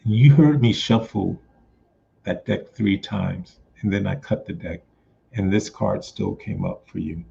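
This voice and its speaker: A man reading cards for viewers in a casual live stream, talking slowly with many pauses. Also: low-pitched, big pitch swings, vocal fry, warm tone. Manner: slow, drawn-out delivery with frequent pauses. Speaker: psychic medium doing card readings. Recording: dull lo-fi sound with faint noise.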